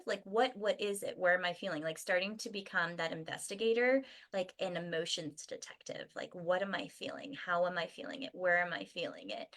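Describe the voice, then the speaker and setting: A woman guest in a casual chat, speaking in a gentle, encouraging way and laughing easily. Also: fairly low pitch.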